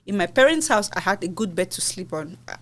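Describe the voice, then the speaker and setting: A woman's voice: medium pitch, very animated, brisk, fairly bright tone. A woman from Cameroon, a podcast guest, earnestly and expressively recounting personal hardships in conversation.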